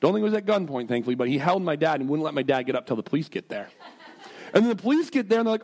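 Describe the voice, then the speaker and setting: A man preaching from the pulpit with a somewhat high voice. He tells stories in a lively, self-mocking way, then slows into earnest prayer. His delivery is lively and casual, not polished. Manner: animated, jumps between storytelling and earnest prayer; self-deprecating and jokey. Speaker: pastor. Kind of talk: sermon with storytelling and prayer.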